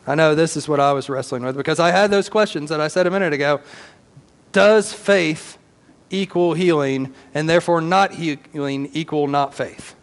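High-voiced preacher. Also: male voice, normal speed, in a large hall. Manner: animated storytelling with casual slang. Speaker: pastor. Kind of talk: sermon.

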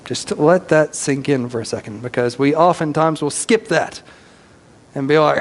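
A male pastor preaching a sermon as animated storytelling with casual slang. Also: on the high side, normal speed, long reverb tail.

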